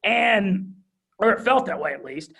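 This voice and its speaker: Young Southern man, thick drawl, fiery storyteller, high husky voice. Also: a little slow. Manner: high-energy, animated, excited. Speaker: guest, radio host. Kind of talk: interview storytelling.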